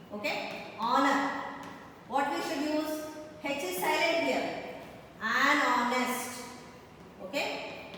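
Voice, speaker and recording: An English teacher with a high, slightly bright voice walks through a grammar lesson step by step, often checking in with "okay?". The recording has heavy hall echo and faint background noise.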